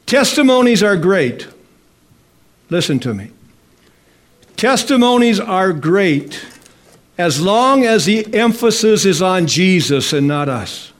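A pastor delivers his sermon from the pulpit in a high, light voice. He leans into each phrase, slowing right down to stress the words that matter and throwing questions out to the congregation. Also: big pitch swings. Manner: slow emphatic preaching with drawn-out phrases and calls to the congregation.

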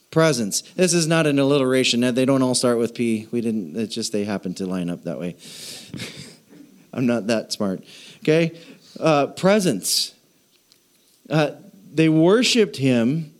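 A man preaching a sermon as pastor, playful, repeating phrases to draw responses from the congregation. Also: mid-range voice.

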